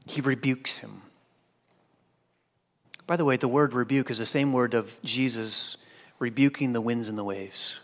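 A man preaching a sermon, swinging from loud emphatic declarations to hushed, quiet lines. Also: medium pitch, fairly even intonation, unhurried, long pauses. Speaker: pastor. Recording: long hall reverb.

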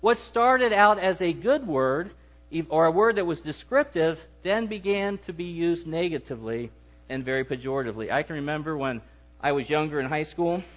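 50s guy preaching, jokey and self-deprecating, highish voice, muffled lo-fi recording. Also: lively intonation, normal speed. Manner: joking, self-deprecating, conversational. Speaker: lay preacher. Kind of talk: humorous sermon.

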